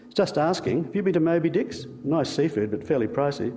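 A man with an Australian accent voicing a bright, chatty middle-aged stepmother. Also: fairly high pitch, expressive, fairly quick, big-room sound, pitched above the performer's own voice, natural voice.

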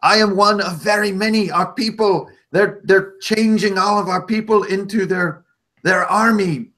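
Man putting on a high frantic little goblin. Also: steady tone, unhurried, bright, forceful tone. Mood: urgent pleading. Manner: urgent, pleading. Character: small frantic male goblin captive.

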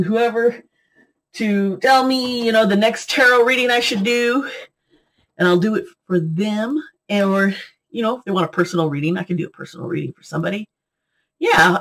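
A middle-aged woman talking to her viewers in a rambling, chatty vlog, giggling and jumping between topics as she reviews lipstick. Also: on the high side. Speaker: beauty and tarot vlogger. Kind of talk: rambling casual vlog chat.

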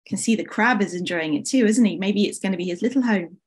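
A woman author reading her picture book aloud to schoolchildren, animated and inviting them to join in. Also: medium pitch, fast talker. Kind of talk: expressive read-aloud to schoolchildren.

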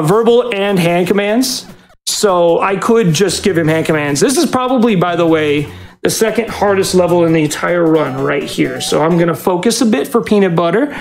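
Animated speedrunner coaxing a dog. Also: mid-range voice. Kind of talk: live speedrun talk. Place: event stage.

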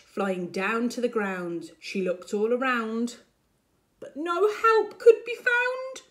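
A woman primary school teacher reading a picture book aloud to children with expressive storytelling. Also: mid-range voice. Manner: expressive, slow and deliberate storytelling.

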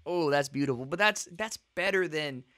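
A young man with a slightly high voice, recorded close and dry. He jokes his way through a casual podcast chat and drops into little put-on voices. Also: moderate pace, bright, forceful tone, no echo. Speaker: podcast co-host.

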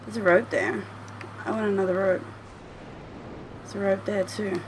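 A woman's voice: medium pitch, flat delivery, moderate pace, slight background noise. A woman commentating her gameplay at home, chatty and swearing freely as she talks to the game. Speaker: gameplay streamer. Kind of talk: let's play commentary.

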